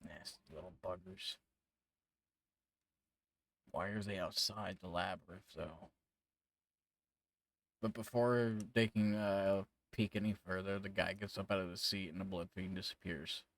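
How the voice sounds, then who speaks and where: A man's voice: low voice, fairly even intonation, unhurried, pauses often, dry recording. A man narrating as game master in a tabletop game, casual and rambling, swearing freely.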